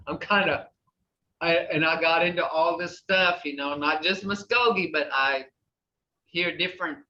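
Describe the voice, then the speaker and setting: A woman's voice: low voice, a little slow, bright, forceful tone. An older woman with an Oklahoma accent, a language teacher chatting through a class, laughing often and acting out sounds. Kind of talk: casual class talk. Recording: distant, dull, roomy sound.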